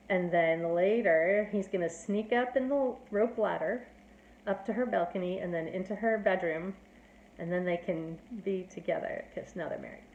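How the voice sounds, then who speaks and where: Female teacher, mid-pitched, chatty plot recap full of fillers, echoey room. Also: narrow, tinny audio, slight background noise. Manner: chatty, filler-heavy with "like" and "you know". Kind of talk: casual plot summary. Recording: roomy echo.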